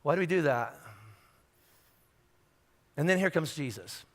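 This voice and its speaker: A man's voice: a little high, animated, unhurried. A man preaching a sermon in a conversational, humorous way, acting out little scenes as he talks. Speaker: pastor. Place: large church hall. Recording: echoey church hall.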